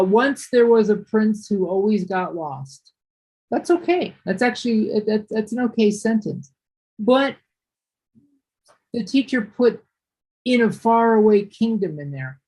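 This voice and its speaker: A woman's voice: medium pitch, a little mellow, husky, low-quality recording. A woman teaching English one-on-one, patiently correcting and explaining.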